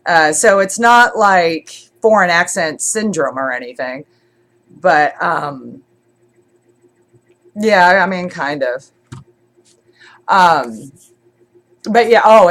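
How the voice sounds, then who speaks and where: A woman's voice: lowish voice, a bit bright. A congested woman streamer chatting casually, rambling with many fillers and restarts. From born in Scotland, raised in Germany. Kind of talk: casual chat.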